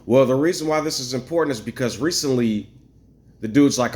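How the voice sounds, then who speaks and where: A man telling a long, rambling story to camera, animated and profane, acting out what others said. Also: fairly low pitch, quick pace. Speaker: vlogger. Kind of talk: casual storytelling rant.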